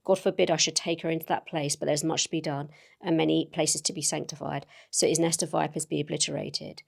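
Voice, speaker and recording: A woman reading aloud the lines of an elderly male professor, calm and wise, in a gamebook, with earnest, measured delivery of formal old-fashioned speech. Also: low voice, gravelly, full character voice. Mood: solemn.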